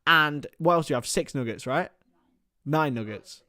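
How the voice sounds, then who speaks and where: A man streaming live fan commentary on a football match, excitable and rambling, chatting with his viewers between calls of the play. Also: a little high, normal speed.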